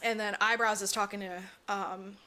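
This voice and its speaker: Speaking at a moderate pace and medium pitch, a woman co-hosts a podcast against slight background noise. She animatedly goes over a movie, cursing freely and voicing the characters' lines herself.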